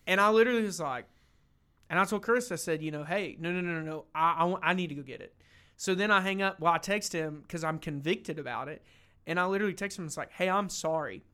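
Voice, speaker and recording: A man's voice: high-pitched, bright, forceful tone. A young man talking earnestly about faith in a casual discussion, emotional and full of restarts. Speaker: lay preacher.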